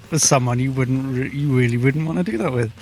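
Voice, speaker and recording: A man's voice: medium pitch, fairly bright tone, a little hiss or hum. A man co-hosting a casual album review podcast, joking crudely and laughing often.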